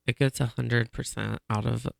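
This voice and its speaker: Giggly gravelly man, rambling. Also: mid-range voice, level tone, moderate pace, no echo, clean studio sound. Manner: rambling and giggly, drifting off mid-sentence. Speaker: podcast host. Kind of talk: casual chat.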